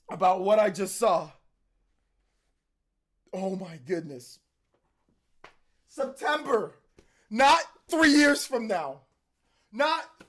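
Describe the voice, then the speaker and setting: Hoarse, emotional man reacting live. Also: high-pitched. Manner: excited, emotional, repetitive exclamations. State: losing his voice. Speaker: host.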